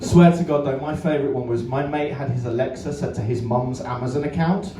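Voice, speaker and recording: A man with a brisk, mid-range voice performs stand-up in a club, trading banter with the audience and cursing freely. The live recording is roomy and distant, off-mic, with crowd laughter in the background.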